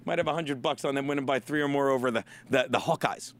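A man's voice: medium pitch, fast. A male podcast host on a profane, rambling, sarcastic comedic sports rant.

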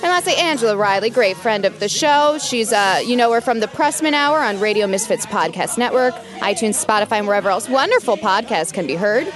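A woman's voice: mid-range voice, lively intonation, a little fast, hardly any pauses, crowd noise. A woman co-hosting a podcast in casual chat, wry and teasing as she introduces guests. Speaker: podcast co-host.

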